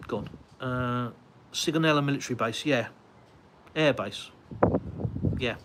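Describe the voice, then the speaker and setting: A man's voice: mid-range voice, a little slow. An English man hosting a casual live stream, answering viewer comments aloud as he walks around his house and out onto a windy terrace. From United Kingdom. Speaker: livestream host.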